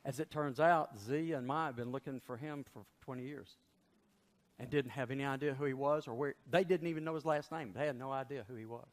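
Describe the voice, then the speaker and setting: A male pastor tells a sermon story in an animated way, at a middle pitch. His voice carries the long reverb of a large church. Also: brisk.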